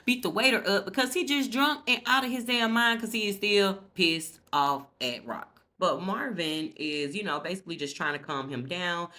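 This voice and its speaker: A woman's voice: mid-range voice, moderate pace, few pauses, sharp tone. A woman giving a casual TV episode recap, chatty and gossipy, swearing freely and talking straight to her viewers. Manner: chatty, gossipy and profane, addressing viewers directly. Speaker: TV recap vlogger.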